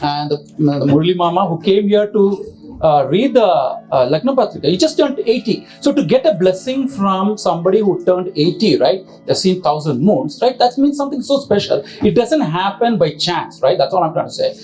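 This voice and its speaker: A man's voice: high-pitched, animated, moderate pace, a little mellow, faint music behind, rough recording. A middle-aged man speaking as father of the bride at an engagement party, rambling and joking with the guests. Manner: rambling, joking, self-correcting, with asides to the audience. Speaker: father of the bride giving a speech. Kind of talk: informal speech at an engagement party.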